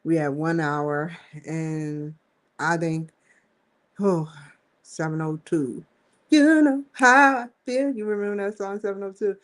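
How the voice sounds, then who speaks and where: A woman's voice: on the low side, slow pace. A woman hosting a casual live stream, rambling and slangy, often giggling as she talks. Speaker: host.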